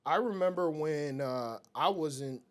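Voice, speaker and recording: A man's voice: on the high side, a little slow. A young man talking bluntly and with profanity as a guest on a casual podcast. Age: young adult.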